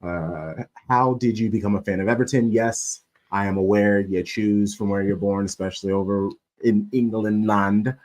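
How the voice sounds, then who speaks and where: A man's voice: on the low side, fairly even intonation, moderate pace, darkish tone. A man hosting a casual live-stream sports chat, playful and joking, laughing often. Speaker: podcast host.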